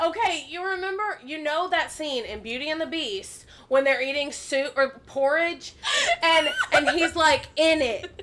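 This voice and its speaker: A woman hosting a podcast, telling a story in a casual, animated way, laughing and swearing often. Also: high-pitched, measured pace, very noisy. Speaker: podcast host.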